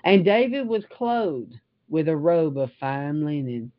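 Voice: medium pitch, sing-song, a little slow, no echo, highs cut off. An older Bible teacher reading scripture aloud and stopping often for heartfelt asides.

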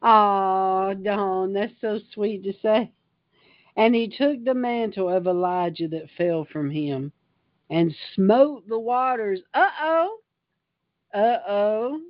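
A woman's voice: on the low side, no echo. Woman preacher, fervent, emphatic, dry close sound, muffled lo-fi recording. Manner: fervent and emphatic, reads scripture then riffs on it. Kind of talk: informal livestream sermon.

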